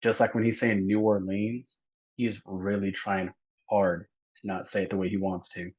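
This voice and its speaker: A man's voice: low-pitched, steady tone, moderate pace, husky, no room sound, highs cut off. A man in a casual podcast chat, breaking in with dry, teasing remarks.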